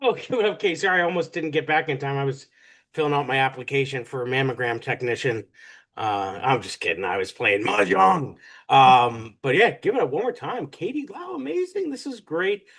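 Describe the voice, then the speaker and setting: Guy hosting a comedy night, upbeat jokey intros, mid-pitched voice. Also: big pitch swings, moderate pace, gravelly, fairly bright tone. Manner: jokey, upbeat emcee patter. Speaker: comedy show host.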